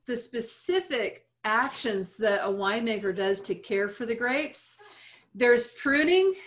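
A woman's voice: fairly high pitch, expressive, unhurried. Earnest middle-aged woman sharing advice. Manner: earnest, reflective, laughs lightly. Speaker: guest speaker. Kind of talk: interview conversation.

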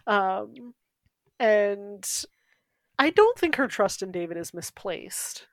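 A woman co-hosting a podcast in a relaxed, thoughtful chat, laughing often. Her voice sits in the middle of the range. It is recorded close and dry, with no room sound. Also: mid-range voice, slow, dry recording. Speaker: podcast co-host. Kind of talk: casual chat.

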